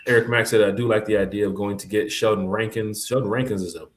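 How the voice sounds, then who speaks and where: A man co-hosting a casual sports podcast, laid-back, giving shout-outs to viewers. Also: lowish voice, fast, reverberant. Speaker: podcast co-host.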